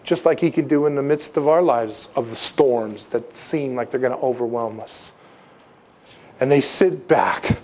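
A man preaching a sermon in a lively, conversational way, acting out quotes and asides. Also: medium pitch, a little slow. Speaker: pastor.

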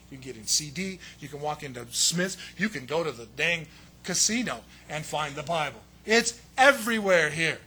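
A man preaching a sermon as pastor, telling the story with lively acted-out quotes. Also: high voice, slightly rough. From United States. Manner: animated storytelling, acts out quoted voices.

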